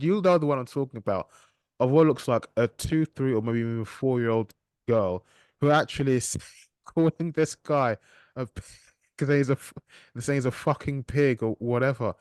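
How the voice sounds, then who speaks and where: A man's voice: medium pitch, darkish tone, no echo, clean studio sound. A man hosting a podcast interview, asking questions politely with a lot of hesitation. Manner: hesitant, many ums and restarts, polite. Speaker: podcast host.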